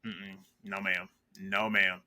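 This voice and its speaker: A man's voice: low-pitched, little pitch movement, takes it slowly, sharp tone. A man, recapping a reality show in casual, blunt, trash-talking commentary.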